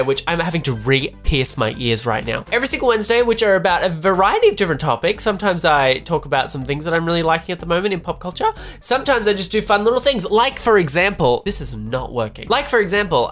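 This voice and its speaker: A man's voice: fairly high pitch, a bit bright. A young man chatting casually in a recap vlog, rambling and self-deprecating. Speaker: vlogger. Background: faint background music.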